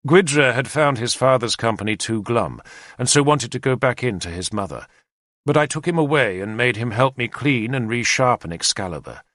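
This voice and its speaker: A male audiobook narrator telling a first-person story at a measured pace. His mid-range voice moves freely in pitch, and the sound is close and dry. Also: expressive, fairly bright tone, no echo. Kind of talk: scripted narration of a historical novel.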